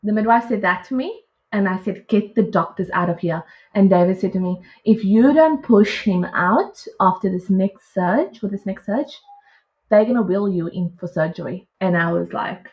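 A young woman casually telling her own birth story, animated and laughing as she acts out what she said back then. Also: medium pitch, normal speed. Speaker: podcast guest. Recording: dull lo-fi audio.

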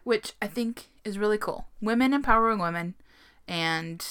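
A woman with a bright, forceful voice, chatting casually as a podcast co-host. She tells a story at an easy pace, laughs often and drops the occasional swear word. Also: medium pitch, normal speed, clear, resonant tone.

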